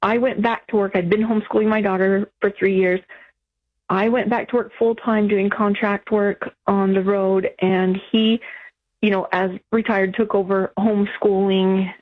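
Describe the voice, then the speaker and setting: A woman's voice: medium pitch, flat delivery, normal speed. Woman calling in on a tinny phone line. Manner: earnest, explains at length with restarts. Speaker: caller. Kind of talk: phone-in conversation. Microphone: telephone.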